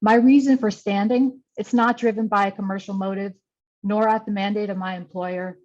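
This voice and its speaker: A woman's voice: medium pitch, steady tone, moderate pace, darkish tone, lo-fi sound. A woman giving a formal, methodical candidate statement that lists her credentials. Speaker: candidate for advisory council.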